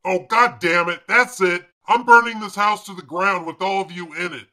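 A fed-up cartoon fish dad, voiced by a man, who rants and swears at his household. His voice is bright and slightly raised, with a sharp edge. He fires off every complaint in exasperation. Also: sits high, steady tone, moderate pace. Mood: exasperated. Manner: ranting, cursing, exasperated. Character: grumpy, foul-mouthed middle-aged fish dad.

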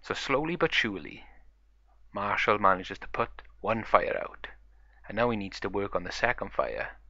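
A man's voice: fairly low pitch, sing-song, moderate pace, bright, forceful tone, dry recording, dull audio. A man narrating a toy play story in a chatty, run-on way.

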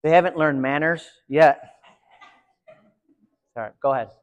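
A man giving a live conference session, chatty and energetic, talking to his audience. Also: fairly high pitch, unhurried, phone-quality sound. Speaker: conference presenter. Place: large conference room. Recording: reverberant hall.

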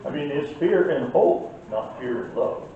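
A man's voice: mid-range voice, expressive, measured pace, phone-quality sound, a little hiss or hum. An older man teaching a church Sunday school class in an earnest way that gets worked up, heard from far off in an echoey room.

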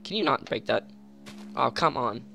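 A young man giving rambling, excitable commentary on a game at home, full of fillers and sudden yelps. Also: medium pitch, normal speed, gravelly, soft background music. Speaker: gamer. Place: home room.

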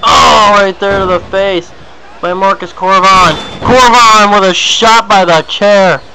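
A young man calling a wrestling match play-by-play, excitable and repetitive, with sudden yelps at big hits. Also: sits high, slow, a little hiss or hum, poor audio. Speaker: play-by-play announcer.

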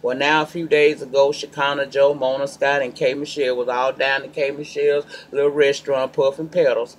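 With a brisk, mid-range voice, this male vlogger dishes casual celebrity gossip straight to his audience. His sassy, emphatic delivery alternates between calm asides and loud, pointed outbursts, over a slight hiss or hum.

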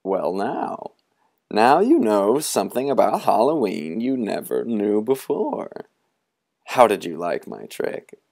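A man doing Moundshroud, booming bony specter. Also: big pitch swings, vocal fry, darkish tone, exaggerated voice. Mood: grand. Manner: booming, theatrical, drawn-out. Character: tall, bony, laughing old male specter.

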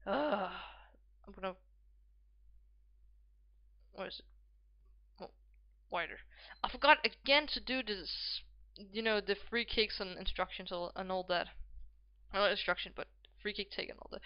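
A woman's voice: mid-range voice, normal speed, long pauses, dry recording, dull audio. A woman casually commenting on a football management game as she plays, thinking aloud and calling out player names. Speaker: gaming video host.

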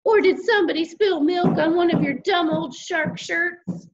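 A woman's voice: high-pitched, big pitch swings, normal speed, a bit bright, dull audio, slight background noise, voice pushed up. A woman doing a taunting big sister. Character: mean teasing big sister.

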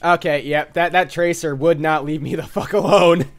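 Gamer guy cracking dirty jokes mid match, swears a lot, yells when he gets killed. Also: a little high, fairly even intonation, moderate pace. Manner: crude joking, swearing, yelling at opponents. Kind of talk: casual gaming chat.

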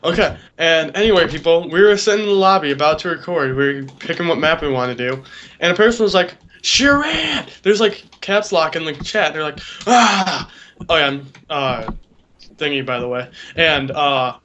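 A teenage boy co-hosting a gaming session rambles casually through a long story, retelling it with quoted voices and trailing off with "I don't know." His voice is fairly high, expressive and a bit bright, at a moderate pace. The lo-fi mic sounds dull, with clear background hiss.

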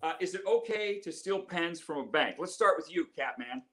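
A male radio morning show host chatting with guests on a video call, joking and laughing quickly. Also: a little high, lively intonation, sharp tone. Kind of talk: casual chat on a video call.

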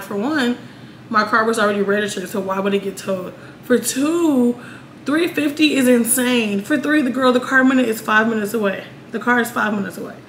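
A woman in her twenties vlogging in a casual chat style, candid and quick to vent, swearing freely. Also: fairly high pitch, fairly bright tone. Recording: roomy echo, faint room noise.

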